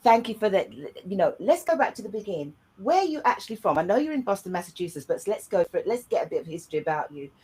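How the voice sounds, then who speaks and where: A woman's voice: mid-range voice, very animated, fast talker, hardly any pauses, darkish tone, husky. A British woman hosting a live online interview show, talking in a chatty, upbeat way with plenty of fillers. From United Kingdom. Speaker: host.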